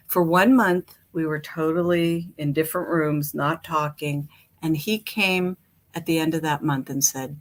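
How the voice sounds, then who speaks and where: A middle-aged woman telling her own recovery story from home, candid and animated, acting out what was said. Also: low voice, normal speed. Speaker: guest speaker.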